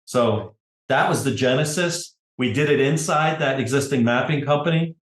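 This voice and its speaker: A middle-aged man speaks as a podcast guest at an average pitch, telling a long story in a loose conversational way. He often adds "right?" and "you know". His voice carries noticeable room echo. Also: moderate pace, fairly bright tone. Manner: conversational, tag questions, frequent "you know". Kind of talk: casual interview storytelling.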